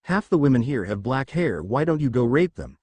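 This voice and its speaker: A man's voice: mid-range voice, very animated, fairly quick, darkish tone, breathy edge, dry recording. A man reading as a furious betrayed warrior princess.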